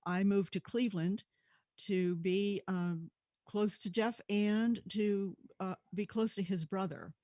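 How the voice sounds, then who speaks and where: A woman's voice: mid-range voice, steady tone, slow pace, mellow, dry recording. A woman co-hosting a talk show, chatty and easygoing. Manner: chatty, easy and friendly. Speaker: co-host. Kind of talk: casual talk show chat.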